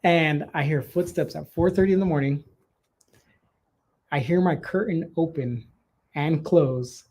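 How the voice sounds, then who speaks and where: A man's voice: on the high side, unhurried, long pauses, a little mellow. A man co-hosting a podcast, telling a story in casual, profane chat. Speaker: podcast co-host.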